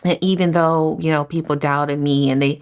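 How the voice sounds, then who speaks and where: A woman, a salon owner, giving an earnest personal faith testimony in an interview, telling her story in an animated way. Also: low voice, normal speed, clear, resonant tone.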